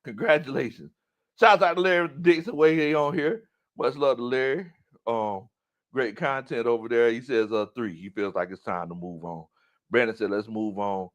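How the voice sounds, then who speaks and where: A man hosting a casual sports talk show, animated and quick to laugh. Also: medium pitch, muffled recording. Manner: animated, breaks into loud laughs and shouts, does voices.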